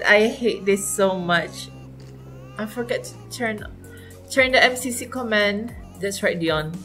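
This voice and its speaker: A woman's voice: medium pitch, slow, a bit bright. A young adult woman hosting a casual gameplay commentary, gushing and exclaiming often. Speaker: gaming channel host. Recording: faint background music.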